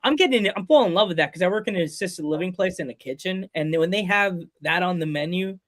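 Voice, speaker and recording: A podcast host with a high, slightly bright voice chats loosely and casually, rambling through half-started phrases with fast restarts. He keeps cracking jokes, laughs often, and slips into playful quoted voices.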